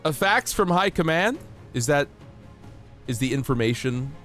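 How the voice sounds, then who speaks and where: A man streaming a game while sick with a cold, chatting in a playful, excitable way and coughing now and then. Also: fairly high pitch, a little slow, soft background music. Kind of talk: casual live-stream gameplay chat.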